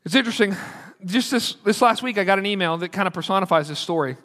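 Earnest preacher in a ringing hall. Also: male voice, high voice, a bit bright. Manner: earnest, storytelling, slows down for quotes. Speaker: pastor. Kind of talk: sermon.

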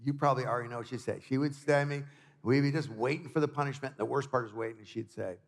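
A man preaching a sermon as a visiting pastor, an animated storyteller who mixes scripture with jokes and family anecdotes. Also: medium pitch, racing. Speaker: guest preacher. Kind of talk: sermon with personal stories and humor. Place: church sanctuary. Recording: reverberant church hall.

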